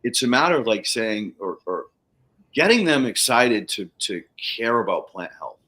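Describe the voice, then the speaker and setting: A man at a middle pitch, co-hosting a relaxed livestream chat. He talks in a candid, rambling way, restarts his thoughts often and swears casually. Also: normal speed. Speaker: podcast co-host.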